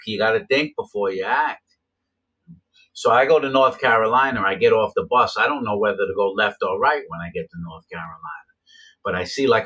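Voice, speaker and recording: Bright-voiced man telling his story. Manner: rambling, repeats himself, many "you know" fillers; acts out quoted voices with sharp pitch jumps. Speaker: storyteller recounting his past. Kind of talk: casual first-person storytelling.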